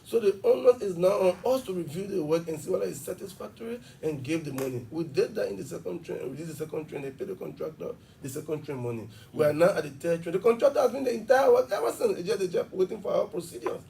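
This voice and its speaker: A man's voice: sits high, lively intonation, gravelly, dark tone, distant mic, a little hiss or hum. A man, an education official explaining at length in a TV interview. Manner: fast, emphatic explaining with examples. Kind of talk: television interview.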